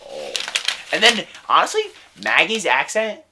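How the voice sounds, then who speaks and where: A man's voice: fairly high pitch, wildly swooping pitch, measured pace, bright, forceful tone, a little hiss or hum. A young man co-hosting a casual film review podcast, rambling enthusiastically with lots of "like" and "dude". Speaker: podcast co-host.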